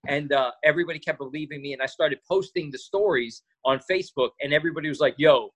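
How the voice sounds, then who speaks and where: A man's voice: a little high, fast. A man telling stories as a guest in a casual interview, acting out quoted lines as he goes. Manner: animated storyteller, acts out quotes. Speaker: podcast guest.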